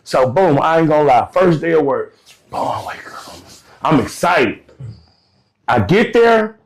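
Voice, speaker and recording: A man guesting on a podcast, spinning a loose, casual story with plenty of slang. His voice sits a little high for a man, and he talks straight to the listeners, jumping into other people's voices as he goes. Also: a little slow. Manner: animated, acts out voices of people in his stories; slangy, direct address to listeners.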